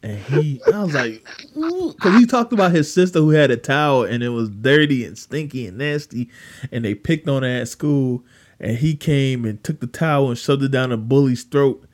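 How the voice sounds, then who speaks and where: A young man chatting casually on a wrestling podcast, animated and swearing freely. His voice shoots up in pitch when he gets incredulous, then drops back to an easy, mid-height tone. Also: normal speed. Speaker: podcast co-host.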